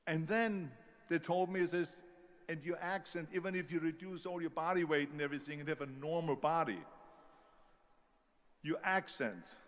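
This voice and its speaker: A man's voice: on the high side, fairly even intonation, normal speed. An older man with an Austrian German accent giving a motivational speech and acting out the people who doubted him. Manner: storytelling, acts out quoted doubters. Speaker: motivational speaker. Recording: long hall reverb.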